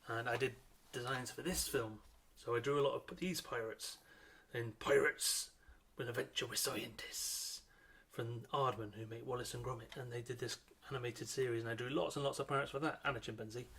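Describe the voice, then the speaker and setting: A middle-aged man with a slightly husky, middle-pitched voice talks young children through a drawing lesson. He explains as he sketches, friendly and unhurried, dropping in plenty of ums along the way. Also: fairly even intonation, a bit bright. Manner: chatty and unhurried, with frequent ums. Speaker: children's author and illustrator leading a drawing workshop.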